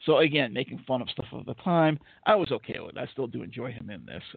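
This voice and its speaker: A blunt, sarcastic man rambles through a film review, swearing freely and leaning on fillers. His voice is gravelly and husky, and it comes through a dry, tinny, phone-like line. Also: mid-range voice, sing-song, fast, dry recording. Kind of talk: casual opinionated film-review chat.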